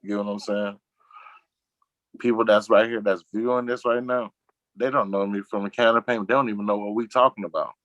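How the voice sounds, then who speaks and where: A man talks in a low, deep voice, recorded dry and close. He rambles through casual chat in slang and drops his voice to act out things his friends say. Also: steady tone, brisk, fairly bright tone, dry recording, highs cut off. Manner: rambling, slangy, acts out quotes in a lower voice. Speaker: guest on a talk show.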